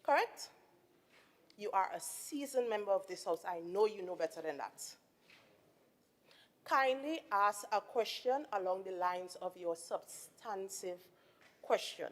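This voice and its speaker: A woman's voice: mid-range voice, animated, measured pace, long pauses. A woman presiding over a legislative sitting, speaking firmly and formally as she admonishes a member. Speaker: presiding officer. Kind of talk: chairing a parliamentary sitting. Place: legislative chamber. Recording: reverberant assembly hall.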